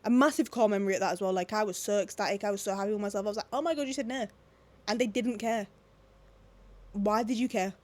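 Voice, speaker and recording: A woman, ranting casually to camera at home, animated and full of swearing and "like". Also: mid-range voice. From England. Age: 20s. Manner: swearing, animated, fast-shifting, lots of "like". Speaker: vlogger. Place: at home, indoors.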